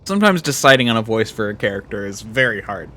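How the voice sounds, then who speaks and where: A young man streaming a game, chatting casually and thinking out loud with frequent self-corrections. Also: on the low side, sing-song, fast talker. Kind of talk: casual gameplay commentary.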